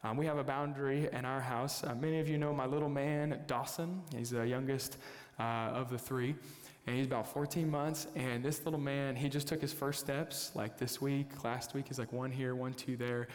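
A young man from the United States preaching a sermon as a pastor, telling a family story with lively, excitable bursts. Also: mid-range voice, normal speed. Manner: storytelling, animated, jumps to loud excited bursts. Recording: long hall reverb.

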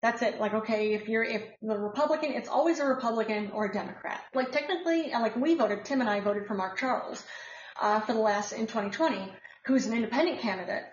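A woman's voice: on the high side, quick pace, roomy sound, lo-fi sound. An American woman hosting a casual podcast, chatting about the news in a rambling way with many filler words. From United States. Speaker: podcast host.

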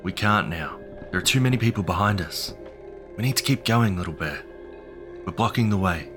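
A man voicing a gentle father who reassures and coaxes his frightened young son, in a horror audio drama. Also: low-pitched, animated, moderate pace, music in the background. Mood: coaxing. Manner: soothing, reassuring.

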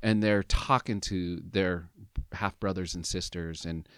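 A man in his fifties telling a personal story as a podcast guest, animated and emotional, acting out what people said. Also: low voice, unhurried, clean tone, no echo, clean studio sound. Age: 50s. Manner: animated, emotional storyteller who acts out quoted dialogue.

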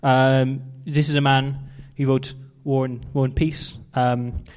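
A man playing a proud but awkward Russian Eurovision rapper in a put-on Russian accent, speaking halting broken English and then rapping fast. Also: mid-range voice, level tone, a little mellow, clean tone, close to an everyday voice. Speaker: comedian.

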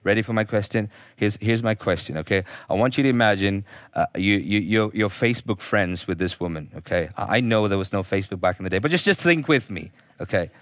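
A man preaching to a church congregation, his tone shifting from bold emphasis to hushed, personal asides. He talks straight to people in the pews and acts out their inner voices. The sound is dry and close, with no room echo. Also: fairly low pitch, fairly quick, few pauses. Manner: conversational preaching, swings from emphatic to quiet and intimate. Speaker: pastor. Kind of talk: sermon. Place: church service.

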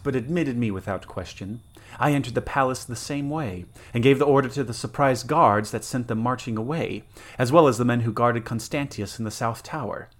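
A man's voice: mid-range voice, natural voice. A man voicing a cruel, scheming young witch princess in a dramatic story reading, with a gloating, mocking delivery.

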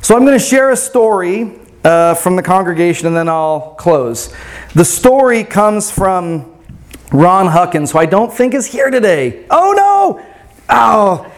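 A man with a fairly high voice delivers a sermon as a pastor, telling a story to his congregation. His delivery is loose and conversational, full of little check-ins like "right?" rather than formal preaching. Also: expressive, a little slow. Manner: casual, often asks "right?".

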